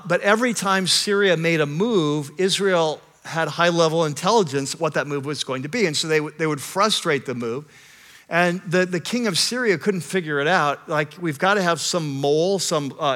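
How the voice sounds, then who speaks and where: A pastor preaching in church, his voice sitting fairly high for a man. The tone is bright and forward as he tells a scripture story with growing animation, often stumbling and restarting his phrases. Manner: animated storyteller, building intensity with repeated restarts. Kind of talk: sermon retelling a scripture story. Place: church service with a live congregation.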